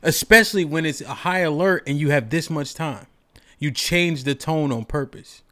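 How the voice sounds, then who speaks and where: A man holds forth on a call-in show in a fairly high voice. His delivery is emphatic and preachy, full of rhetorical questions and constant "right?" check-ins. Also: moderate pace, fairly bright tone. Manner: emphatic, repeats "right?" often. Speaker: podcast host.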